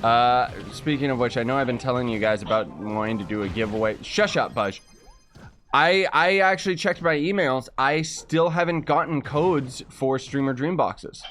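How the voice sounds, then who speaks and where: A man's voice: medium pitch, moderate pace, few pauses, a bit bright, faint music behind. Young Canadian man rambling on a game stream. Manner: rambling, reads chat aloud, many fillers. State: just woke up. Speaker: gaming streamer. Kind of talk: casual livestream chat.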